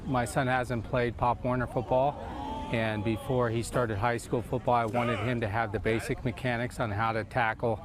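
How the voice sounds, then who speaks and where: A man's voice: medium pitch, level tone, moderate pace. A father speaking earnestly in an outdoor news interview. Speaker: parent. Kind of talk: street interview. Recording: outdoor street noise.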